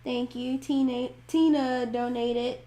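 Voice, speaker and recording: A woman's voice: sits high, steady tone, slow, warm tone. A woman hosting a music reaction livestream, chatting casually, laughing often and thinking aloud as she reads viewer messages.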